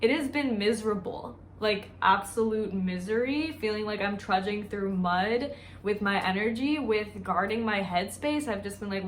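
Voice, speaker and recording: A woman's voice: medium pitch, moderate pace, slight background noise. A woman who works as a dietitian, talking candidly and emotionally in a chatty personal vlog.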